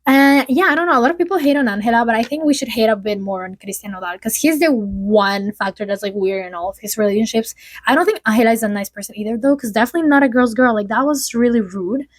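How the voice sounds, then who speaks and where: A woman's voice: a little high, quick pace, no room sound. A young adult woman vlogging casual gossip, rambling and chatty with lots of "like" fillers. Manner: chatty, rambling, heavy use of "like". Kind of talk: casual gossip chat to camera.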